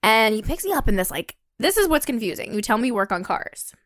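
A young woman with a fairly high voice tells a dating story in casual chat. She keeps it animated and throws herself into the quoted lines. The sound is close and dry. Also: fast, no room sound. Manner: animated, acts out quotes with a higher pitch, swears, laughs.

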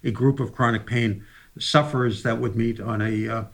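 A man interviewing a guest, calmly prompting and summing up the guest's story. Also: mid-range voice, moderate pace, gravelly. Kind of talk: interview questions.

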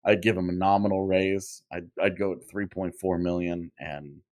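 A man's voice: low-pitched, little pitch movement, normal speed, a little mellow. A man co-hosting a podcast, talking casually about hockey contracts and thinking aloud with frequent restarts. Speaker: podcast co-host. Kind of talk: casual sports talk.

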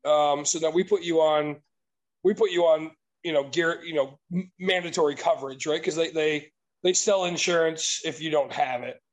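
A man's voice: fairly high pitch, moderate pace, rough recording. A man telling an exasperated, profanity-laced story in casual chat.

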